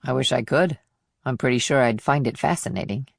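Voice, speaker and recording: A woman voicing a blunt, wry female FBI agent in an audiobook, speaking in a low, plain manner. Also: brisk, creaky, no room sound, studio quality, full character voice. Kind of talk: audiobook dialogue.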